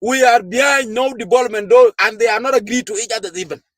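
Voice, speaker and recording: A man's voice: very high voice, fast talker, a bit bright, no echo. A man from Sudan, a party official giving an impassioned political speech to a gathering, firing off rhetorical questions with frequent hesitations. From South Sudan.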